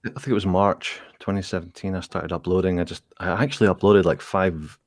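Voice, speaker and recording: A man's voice: deep voice, steady tone, fairly quick, no echo, clean studio sound. A man with a Scottish accent, a guest ASMR creator chatting casually and explaining things with examples. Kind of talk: casual chat.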